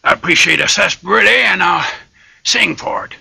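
A man voicing a plucky, polite male frog leader who talks in a slow, low drawl. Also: lively intonation, vocal fry, sharp tone, slightly rough, full character voice. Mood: calm drawl.

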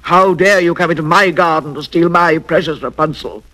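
A man's voice: high-pitched, expressive, normal speed, a bit bright, rough recording. A man voicing a wicked old female witch who is stern and imperious, in a children's storybook record. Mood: stern commanding.

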